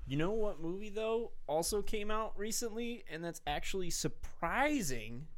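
A man co-hosting a casual movie podcast, enthusiastic and quick to laugh, often talking over the others. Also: high-pitched, lively intonation. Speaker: podcast co-host.

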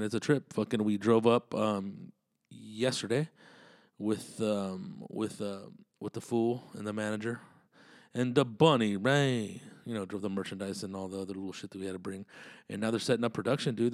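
A man's voice: lowish voice, no room sound, clean studio sound. A man hosting a podcast, rambling casually and swearing a lot while laughing at his own jokes. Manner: profane, rambling, laughs often, slips into voices. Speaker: comedian podcast host.

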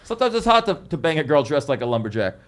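A man's voice: fairly high pitch, very animated, rapid-fire. A man hosting a casual podcast, teasing and joking with guests and laughing through his lines. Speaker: podcast host. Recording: clear background noise.

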